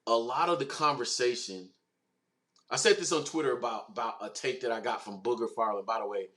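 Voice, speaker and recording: Slangy man hosting a fan livestream. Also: mid-range voice. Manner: animated, slangy, quick asides to the chat. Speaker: host. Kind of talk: casual livestream talk, reading chat comments.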